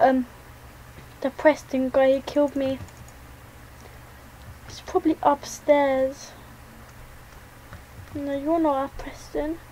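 Woman doing jittery gameplay commentary, squeaky high voice, takes her time. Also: warm tone, a little hiss or hum, poor audio. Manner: jittery, talks to herself while playing. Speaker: gaming channel host. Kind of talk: let's play commentary.

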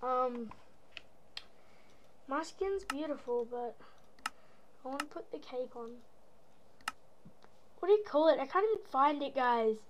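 Woman from australia, put-on american accent, high voice, playful rambling game commentary. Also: animated, measured pace, pauses often, muffled recording, background noise. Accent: American, put on over an Australian one. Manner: rambling, playful, making silly noises. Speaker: gaming channel host.

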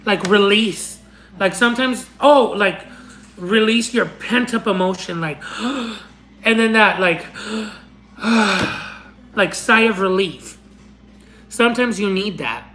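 A woman's voice: mid-range voice, takes it slowly, fairly bright tone, low-quality recording. A young woman hosting a casual livestream, reading out fan messages in an affectionate, rambling way, with Spanish as her first language. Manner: affectionate, calls viewers honey and my love; chatty, rambling with restarts and laughs. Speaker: livestream host.

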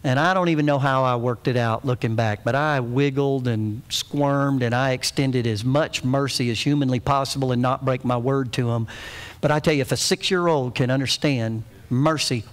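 A man's voice: mid-range voice, normal speed. A middle-aged man preaching a sermon as pastor, telling a family story in a folksy, humorous way.

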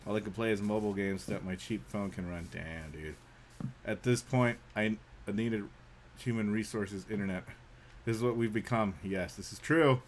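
A young man live-streaming a game, chatting casually, saying "man" often and breaking into loud yelps. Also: on the low side, normal speed, a little hiss or hum. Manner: laid-back, says "man" a lot, bursts into loud yelps.

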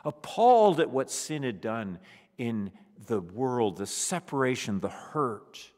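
A man delivering a funeral sermon as pastor, expressive, sometimes dropping to a hushed near-whisper. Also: medium pitch, slow pace. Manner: expressive preaching, drops to a hushed near-whisper on solemn words. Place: church sanctuary. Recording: long church reverb.

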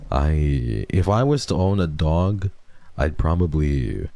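Young male streamer, very low and warm, close dry mic, repetitive and affectionate. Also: big pitch swings, slow, gravelly, no room sound. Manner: rambling, repeats himself, soft and affectionate about dogs. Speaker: streamer host. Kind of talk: casual livestream chat.

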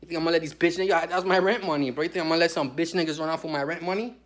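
A man's voice: fairly high pitch, fairly even intonation, very fast. A man ranting through a crude, heated story and tossing in "bro" constantly. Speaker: vlogger telling a prison story. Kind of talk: profane storytelling rant.

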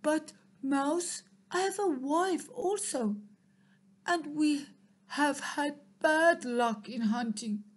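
A woman's voice: high voice, slow pace, pitched above the performer's own voice. A woman voicing a hungry male fox who politely begs for food. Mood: pleading. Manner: polite, begging. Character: hungry humble male fox, pleading father.

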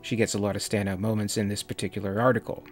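Brief: dry, wry male host reviewing a magazine parody over soft music. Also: on the low side, little pitch movement, fast. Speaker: video essay host. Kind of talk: comic review narration.

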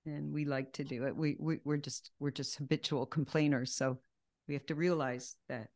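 An earnest woman leads a Bible study in a slightly low voice. She talks emphatically and drives her points home by repeating them. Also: fairly even intonation, normal speed, mellow.

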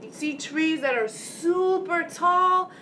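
A woman's voice: mid-range voice, animated, measured pace, a bit bright, a little hiss or hum. A woman vlogger giving an earnest motivational talk, telling a story and checking in with "right?" asides. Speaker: inspirational vlogger.

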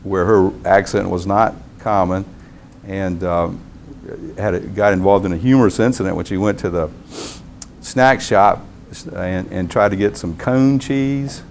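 A man, a university professor, giving a lecture in a measured, thoughtful way with frequent pauses. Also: deep voice, steady tone, vocal fry, slight background noise.

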